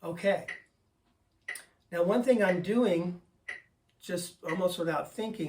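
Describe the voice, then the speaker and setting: Older male drum teacher, patient, steady counting, slightly distant mic with faint hiss. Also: high voice, takes it slowly, long pauses. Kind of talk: instructional explanation. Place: drum studio. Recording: voice a bit far from the mic, faint noise.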